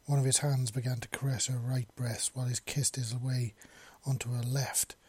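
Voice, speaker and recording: A man's voice: medium pitch, level tone, normal speed, darkish tone, husky. A man reading a romance story aloud, with small slips and restarts. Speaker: narrator. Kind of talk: amateur fiction reading.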